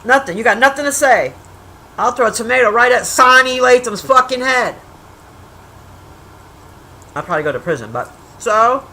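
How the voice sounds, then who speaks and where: Foul-mouthed woman streamer ranting to her chat, bright voice, lil bit of faint noise behind. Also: fairly high pitch, expressive, poor audio. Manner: profane, blunt trash-talking, teasing the chat; rambling with restarts and drawn-out asides. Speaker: livestreamer reviewing a movie. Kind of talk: casual livestream chat.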